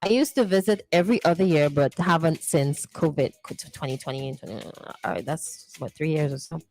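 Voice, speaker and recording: A woman's voice: low voice, brisk, a little mellow. A woman hosting a morning radio show, playfully reading listener messages and teasing them. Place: radio studio.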